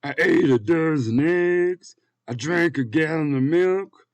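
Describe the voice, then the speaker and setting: Big slow gloating fat man monster, a guy putting it on, high and loud, drags every word. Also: dry recording. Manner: gloating, drawn-out threats. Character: greedy hulking fat man, menacing monster of a tale.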